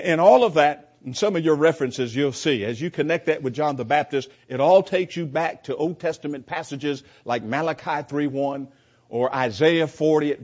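This Bible teacher's voice is a little high with a darkish tone. He speaks emphatically, asks rhetorical questions and keeps repeating himself, all captured on a dull, lo-fi recording.

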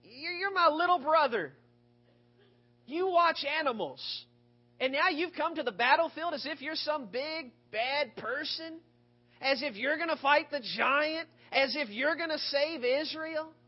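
A man's voice: very high-pitched, unhurried. A male preacher voicing a scornful older brother who mocks his younger sibling with sarcasm. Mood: sarcastic scorn. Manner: sarcastic, belittling. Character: scornful older brother, grown man, mocking. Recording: dull lo-fi recording.

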